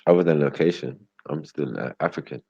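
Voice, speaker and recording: A man's voice: a bass voice, brisk, darkish tone, breathy edge, no echo. A man hosting a casual livestream, teasing his viewers in slangy, swearing chat. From Britain. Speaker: livestream host. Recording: dull lo-fi stream audio.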